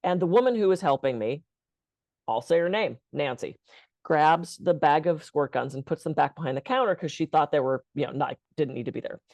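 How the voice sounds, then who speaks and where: An animated woman telling a story on a podcast. Her voice sits on the low side and moves up and down constantly. The recording is dry and close. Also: a little fast, dry recording. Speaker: podcast guest. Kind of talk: conversational storytelling.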